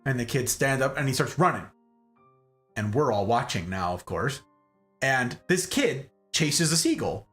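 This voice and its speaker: Male streamer, casual yarn-spinner, lively swooping pitch, rambling asides. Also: unhurried, soft background music. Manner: animated, rambling, keeps asking "okay?". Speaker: streamer host. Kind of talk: casual storytelling.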